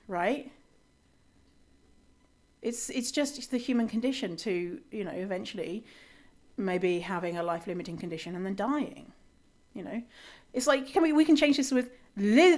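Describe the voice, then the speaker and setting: A woman's voice: medium pitch, a little mellow. A woman hosting a solo podcast, sarcastic and chatty, rebutting quotes she reads aloud. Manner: frequent fillers and restarts, laughs often. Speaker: podcast host.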